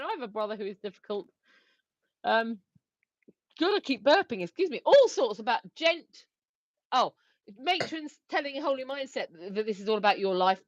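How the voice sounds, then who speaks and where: Giggly woman, lively pitch. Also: no room sound. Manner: giggly, reads viewer comments aloud. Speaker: livestream co-host. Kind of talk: casual livestream chat. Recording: dry, slightly dull lo-fi stream audio.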